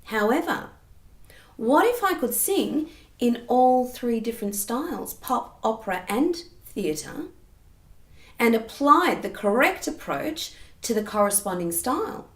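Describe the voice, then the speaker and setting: A woman singing teacher explaining vocal technique patiently and clearly, often checking in with the listener. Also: on the high side, big pitch swings, a little slow, fairly bright tone. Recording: roomy echo.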